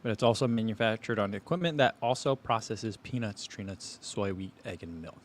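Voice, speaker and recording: A man's voice: on the low side, fairly quick, a little hiss or hum. Casual man chatting while tasting snacks. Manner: relaxed, chatty, talks while chewing. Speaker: running channel host. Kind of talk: casual livestream food tasting.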